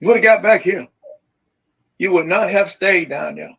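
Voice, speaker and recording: A man's voice: high voice, normal speed, creaky, a bit bright, breathy edge, highs cut off. A man calling in to a talk show as a grieving father, speaking bluntly and accusingly and repeating his points. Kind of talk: phone-in talk.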